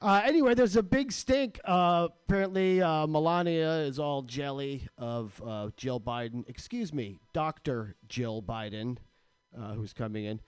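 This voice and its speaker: A man's voice: fairly high pitch, measured pace, clean tone, no room sound. A man hosting a radio show, ranting with crude, sarcastic comedy in a studio.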